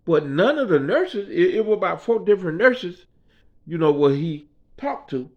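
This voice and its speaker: A man's voice: high-pitched, very animated, normal speed. Rambling man telling a hospital story. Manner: rambling, conversational, frequent "you know what I mean". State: hospital patient. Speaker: vlogger telling a personal story. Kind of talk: casual storytelling. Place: hospital room. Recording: dull lo-fi sound.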